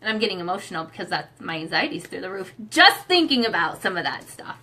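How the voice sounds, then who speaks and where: Woman, young adult, bright tense voice, earnest, emotional, halting with fillers, candid couple chat. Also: on the low side, very animated. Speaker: co-host, sharing her own experience.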